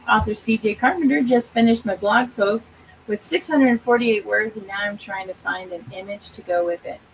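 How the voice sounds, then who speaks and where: Middle-aged lady hosting a livestream, chatty and upbeat, mid pitch, a little faint noise behind her. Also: darkish tone, rough recording. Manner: chatty, upbeat, laughs often. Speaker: livestream host of writing sprints. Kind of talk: casual live-stream chat.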